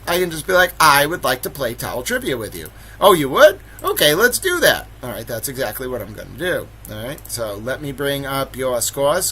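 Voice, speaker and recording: A man's voice: mid-range voice, a bit bright, slight background noise, poor audio. A man hosting a trivia game on a livestream, playful and theatrical, hamming up mock outrage. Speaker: livestream host running trivia. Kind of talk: casual livestream chat.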